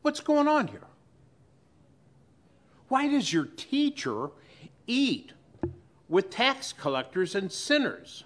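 A preacher putting on shrill scandalized religious critics. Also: male voice, huge pitch swings, fairly bright tone, exaggerated voice. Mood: indignant. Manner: indignant, high-pitched, drawn-out questioning.

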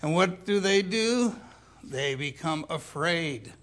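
An older man preaching a sermon in a slow, deliberate way, dropping into quiet asides. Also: on the high side, animated.

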